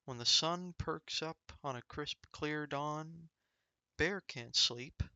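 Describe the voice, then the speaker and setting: A man reads a rhyming children's picture book aloud, slowly and rhythmically, savoring each sound. His voice is bright and clear, a touch higher than most men's. The recording is close and dry. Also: no echo. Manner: rhythmic, expressive, savoring the rhymes. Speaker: storybook reader.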